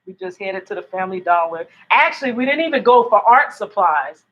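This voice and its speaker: A woman's voice: medium pitch, very animated, brisk, lo-fi sound. A woman vlogger chatting casually to camera from home at night, rambling and laughing often. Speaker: YouTube vlogger. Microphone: laptop built-in mic.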